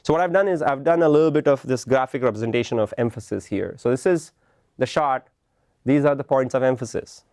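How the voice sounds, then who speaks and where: Speaking briskly in a mid-range, slightly mellow voice, this man teaches a class about film composition. His patient explanations are punctuated by "right?" as he checks in with students, and the audio is clean studio sound without echo.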